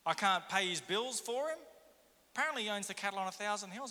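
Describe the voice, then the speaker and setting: A man's voice: high-pitched, expressive, fast, sharp tone, big-room sound. A man preaching a sermon as pastor, firing rhetorical questions at the congregation. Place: church.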